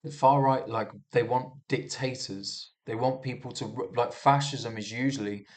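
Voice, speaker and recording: A man's voice: medium pitch, steady tone, normal speed. A man riffing on the news in a loose, unscripted monologue. He talks heatedly, trips over his words and restarts sentences often, and swears freely along the way. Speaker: commentator reviewing the news. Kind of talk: casual rambling monologue.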